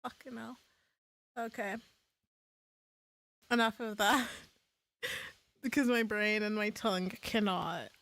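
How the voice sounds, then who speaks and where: A woman's voice: medium pitch, steady tone, slow pace, vocal fry, long pauses, fairly bright tone. A woman streaming live in casual chat, playful, laughing often and swearing freely.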